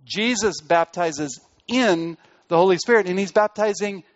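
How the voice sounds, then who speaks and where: A man preaching a sermon as pastor, pressing hard on key words and then dropping his voice low and quiet. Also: measured pace, lo-fi sound.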